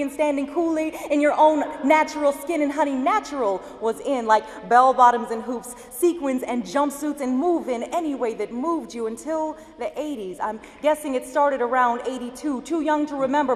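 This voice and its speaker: A woman from Denver, a slam poet, performing spoken word with an expressive, emphatic delivery and chatting with the audience between poems. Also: high voice. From Denver, Colorado. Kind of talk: slam poetry reading with stage banter. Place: university event hall. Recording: echoey hall with faint ambience.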